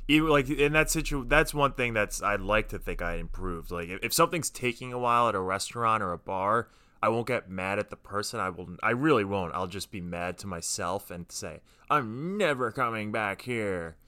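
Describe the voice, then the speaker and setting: A man's voice: on the low side, fairly quick, pushed and bright, no echo. A man in his twenties co-hosting a casual podcast, telling self-deprecating stories. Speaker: podcast co-host. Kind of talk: casual chat.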